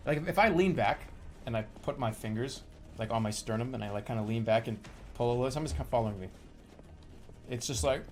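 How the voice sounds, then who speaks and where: A male streamer talks over his gameplay in a mid-pitched voice, swearing freely and breaking into loud excited rants. Soft game music hums faintly behind him. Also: moderate pace, vocal fry. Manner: profane, excitable ranting with loud outbursts. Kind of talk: live-streamed gameplay commentary.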